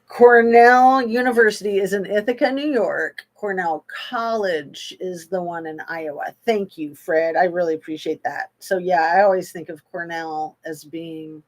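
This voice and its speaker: A woman hosting a livestream, chatting loosely about a true crime case and reading out viewer comments, with many pauses and fillers. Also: low voice. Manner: slow, meandering, with frequent pauses and fillers; reads viewer comments aloud and answers them. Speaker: livestream host.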